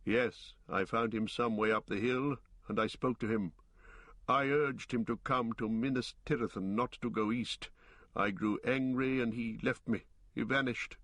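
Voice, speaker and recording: A man voicing a proud male warrior who speaks slowly, in a halting and brooding way. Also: mid-range voice, fairly even intonation, fairly bright tone, no echo.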